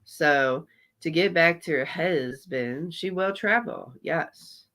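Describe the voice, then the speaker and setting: A man's voice: on the high side, slow, sharp tone. A man doing live reaction commentary on a clip, mocking and sarcastic, greeting viewers in chat. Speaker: reaction streamer.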